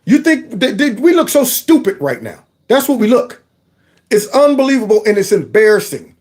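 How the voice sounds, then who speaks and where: A man's voice: high voice, big pitch swings, fairly quick, darkish tone. A man hosting his own commentary channel, reacting indignantly to news clips with a string of rhetorical questions and folksy asides.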